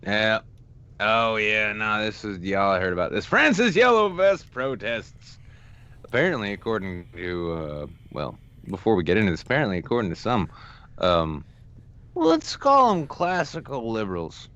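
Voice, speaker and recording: A man's voice: fairly low pitch, huge pitch swings, normal speed, pushed and bright, clear, resonant tone, highs cut off. A man co-hosting a podcast in casual chat, dry and joking, often trailing off and restarting. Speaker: podcast co-host. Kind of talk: casual chat, presenting news articles.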